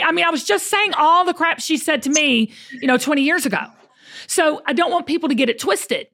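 A woman's voice: high voice, a little fast. A woman hosting a casual chat with her friend, talking in an emphatic, preachy way. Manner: animated, preachy and emphatic, acts out quotes. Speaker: podcast host.

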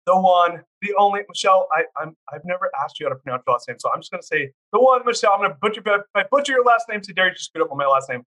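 A man reading a scripted commercial in a measured promotional way. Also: high-pitched, expressive, pushed and bright. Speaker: ad announcer.

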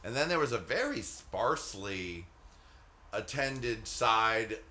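A man co-hosting a podcast in casual chat, playful and quick to put on mock voices. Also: on the low side. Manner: playful, lively, puts on mock gushing voices. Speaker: podcast co-host.

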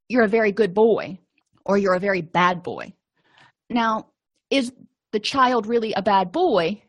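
A woman's voice: on the high side, no echo. Therapist woman teaching, dry close sound. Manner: explanatory, conversational, with asides and fillers. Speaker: therapist teaching a skills session. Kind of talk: lecture.

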